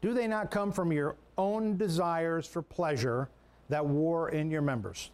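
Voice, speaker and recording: A man's voice: a little high, measured pace, darkish tone. A man preaching a sermon as a pastor, in a conversational way, often repeating words and restarting sentences.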